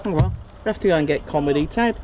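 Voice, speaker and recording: A man's voice: a little high, fast, a little mellow. A man hosting a live stream outdoors, chatty and teasing, explaining aircraft plainly. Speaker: host of a live plane-spotting stream. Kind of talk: casual live commentary. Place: outdoors at an airfield viewing area.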